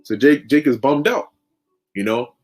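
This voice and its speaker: A man's voice: medium pitch, measured pace, darkish tone. A man preaching through a long story in casual, slangy, conversational talk. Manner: conversational, lots of fillers and restarts, slang.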